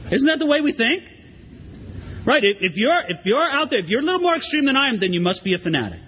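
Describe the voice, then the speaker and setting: A man preaching a sermon as pastor, in a conversational, animated way. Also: extremely high pitch, quick pace, slight background noise. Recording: long hall reverb.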